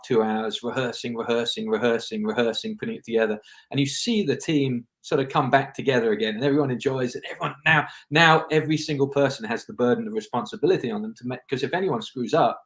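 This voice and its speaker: A man speaking as a film director guest in a casual interview, reflective and rambling, often restarting his sentences. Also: mid-range voice.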